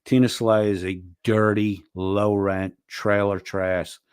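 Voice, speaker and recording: A man's voice: fairly low pitch, little pitch movement, takes it slowly, clean tone, no echo, clean studio sound. A man ranting angrily and profanely while arguing with someone on a livestream. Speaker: streamer. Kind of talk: heated livestream argument.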